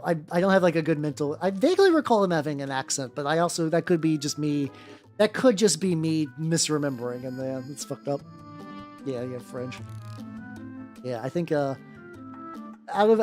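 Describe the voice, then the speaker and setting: A low-voiced woman streamer talks through a painting session with a lively, swooping delivery. She rambles and restarts constantly, swearing freely as she works. Soft music plays faintly underneath her voice. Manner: rambling, with many restarts and stumbles; swears casually. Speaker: VTuber streamer painting miniatures. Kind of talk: casual livestream chat while painting. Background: faint background music.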